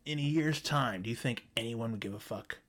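Man, podcast host, heated profane rant, sarcastic, middle pitch. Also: a little fast, a bit bright. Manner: mocks others in put-on voices. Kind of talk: ranting monologue.

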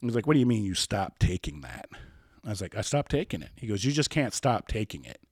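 Rambling man, low voice. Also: very animated, brisk, slightly rough, dry recording, studio quality. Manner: rambling, repeats words, swears, acts out both sides of old conversations. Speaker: podcast guest. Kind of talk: casual personal storytelling.

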